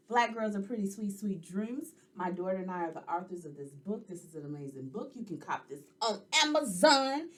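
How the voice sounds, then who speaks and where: Sassy, animated woman podcast host. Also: medium pitch, far from the mic. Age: 40s. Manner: animated and sassy, talks straight to listeners. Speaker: podcast host and life coach. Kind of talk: casual podcast monologue.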